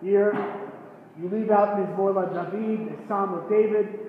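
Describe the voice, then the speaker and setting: A man giving a pre-concert lecture, explaining in a measured way with pauses and self-corrections, recorded in a concert hall. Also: high voice, steady tone. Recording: echoey hall, dull lo-fi sound, faint noise.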